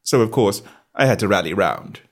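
A bashful, nervous young gentleman, as a male reader puts him on, speaking in a diffident, toneless way. The voice is slightly husky, and the pitch still moves about freely. He sounds like a character from a storybook reading. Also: big pitch swings, normal speed, full character voice. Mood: meek.

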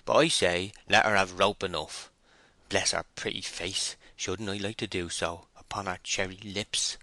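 A man's voice: deep voice, fairly even intonation, measured pace, pushed and bright, dry recording, heavily acted. A man voicing a jovial, flirtatious village man who talks cordially.

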